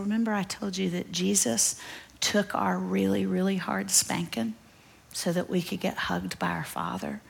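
A woman teaching a church Bible study, telling a story in an earnest, emphatic way and often dropping to a soft, breathy near-whisper. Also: on the low side. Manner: earnest and emphatic, addresses listeners as y'all. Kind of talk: storytelling sermon. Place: church gathering.

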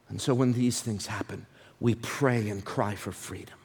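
A man preaching a sermon, swinging between shouted appeals and hushed, whispered prayers. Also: mid-range voice, animated, moderate pace, slightly rough, in a large hall.

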